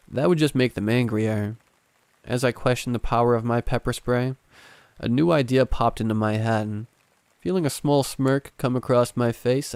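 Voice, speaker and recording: A man narrating a scripted horror story in a calm, steady first-person way. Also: lowish voice, dry recording.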